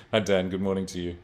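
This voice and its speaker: A man with a fairly low voice co-hosts a webinar over a video call. He chats casually and jokes with attendees, often chuckling as he talks. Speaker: webinar co-host. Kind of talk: casual online meeting chat.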